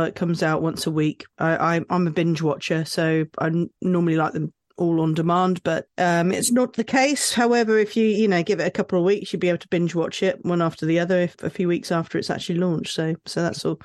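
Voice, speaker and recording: A woman's voice: on the low side, a little mellow, no room sound. Easygoing woman, dry close sound. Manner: easygoing, quick to laugh, thinks aloud. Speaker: podcast co-host. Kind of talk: casual chat.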